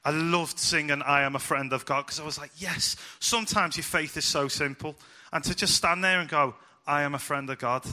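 A man preaching an informal sermon to a church congregation, lively and chatty, asking the children questions and joking with them. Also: on the high side, normal speed.

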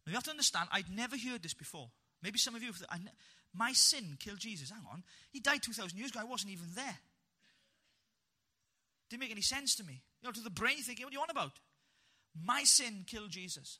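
A Welsh man telling his life story as a testimony to a live audience, animated and humorous, with punchy asides. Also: high-pitched, fairly quick, slightly rough.

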